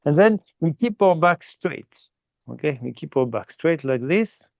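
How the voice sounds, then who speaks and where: A man teaching meditation in slow, simple English with small grammar slips, checking in often with "okay?". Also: fairly high pitch, lively intonation, creaky, no echo, highs cut off. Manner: explains slowly and repeatedly, ending phrases with "okay?". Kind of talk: guided meditation instruction.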